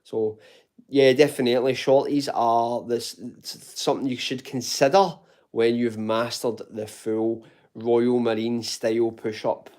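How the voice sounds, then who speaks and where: A man from Glasgow, Scotland, with a warm, dark, medium-pitched voice speaks unhurriedly with little pitch movement, his Glaswegian accent toned down but still clear. As a fitness channel host, he loosely answers live chat in a casual Q&A from home, informally tossing in "mate," "buddy," and the odd swear word.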